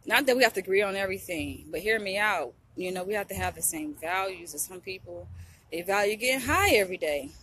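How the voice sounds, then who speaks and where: A woman's voice: mid-range voice, animated, fairly quick, bright, forceful tone, slight background noise. A young woman, vlogging to camera in a blunt, preachy way, often asking if you get what she's saying. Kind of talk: casual talk to camera.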